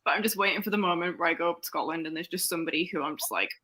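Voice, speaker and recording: A woman with a slightly low but bright, forceful voice, chatting as a guest on a livestream. She rambles and fills her sentences with "like.". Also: rapid-fire, a little hiss or hum. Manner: rambling, lots of "like". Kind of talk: casual chat.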